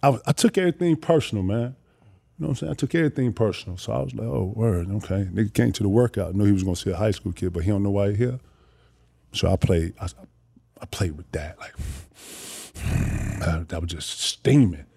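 A man's voice: fairly low pitch, a little fast, vocal fry, breathy edge. Laid-back man telling stories. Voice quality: animated, profane, acts out voices. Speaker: guest storyteller. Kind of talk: casual storytelling.

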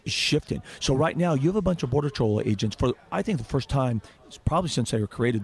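A man's voice: mid-range voice, darkish tone, slightly rough. A middle-aged man, a former border chief, speaking as a guest in a radio interview in an emphatic, indignant way, often repeating words.

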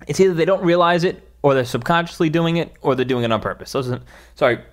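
A man's voice: fairly high pitch, quick pace. A man who is a social media influencer, delivering a heated, emphatic opinion rant with frequent restarts.

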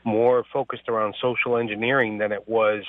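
A man calling in to a radio show, explaining a scam call in a measured way. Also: on the low side, little pitch movement, no room sound. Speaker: radio caller. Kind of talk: phone-in story. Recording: phone line.

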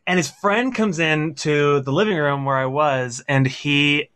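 Male guest, easygoing, storytelling, slightly high voice. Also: unhurried, hardly any pauses, a bit bright, clean tone. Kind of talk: casual video-call chat.

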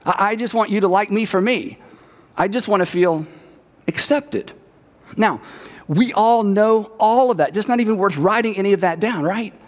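A man's voice: high-pitched, moderate pace, big-room sound. A man preaching a conversational sermon, repeating words for emphasis. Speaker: pastor.

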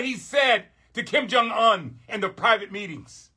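A man's voice: high-pitched, expressive, measured pace, few pauses, pushed and bright, breathy edge. A man hosting a podcast, delivering a heated, profane political rant with emphatic repetition. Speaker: podcast host.

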